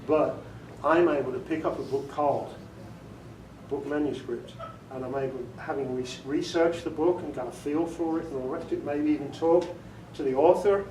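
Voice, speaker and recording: A slightly high, somewhat mellow male voice with fairly even intonation talks at a moderate pace about narrating audiobooks. He laughs a lot and demonstrates inflections for a group in a meeting room, captured from a distance in an echoey space with faint hiss or hum.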